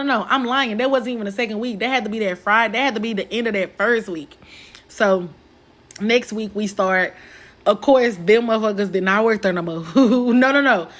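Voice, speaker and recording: Animated, profane woman telling a story. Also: medium pitch. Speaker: podcast host. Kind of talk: casual storytelling.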